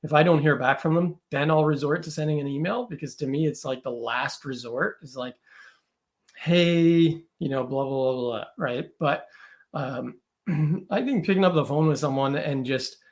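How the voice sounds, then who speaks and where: Higher-voiced chatty male guest. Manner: chatty, with many fillers and quick asides. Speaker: podcast guest, mentalist. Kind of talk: casual conversation.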